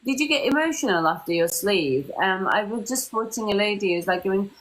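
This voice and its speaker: A middle-aged woman hosting a live-stream Q&A as a company CEO, talking in a chatty, lively way and slipping into quoted voices. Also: medium pitch, brisk, rough recording. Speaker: CEO of a medical tourism company, host.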